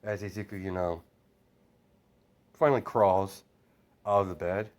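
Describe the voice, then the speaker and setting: A man's voice: low voice, fairly even intonation, unhurried. A man casually improvising a fan story aloud, rambling with many fillers.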